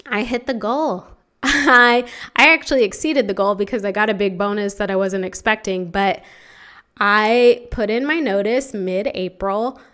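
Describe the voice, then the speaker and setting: A young woman speaks alone as a podcast host, smooth and clear in tone at a middle pitch. She tells her story candidly, with feeling and casual fillers. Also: unhurried, a bit bright. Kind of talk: reflective solo podcast monologue.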